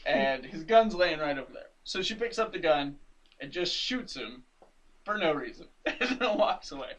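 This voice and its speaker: Animated man recapping a comic. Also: a little high, moderate pace, far from the mic, rough recording. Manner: animated, laughs often, acts out characters' lines. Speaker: podcast co-host. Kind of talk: casual chat, recapping a comic.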